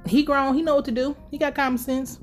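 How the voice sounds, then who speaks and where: A woman giving a casual, profane recap of a show, animated and laughing as she acts out the characters' lines. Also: sits high, fast, faint music behind.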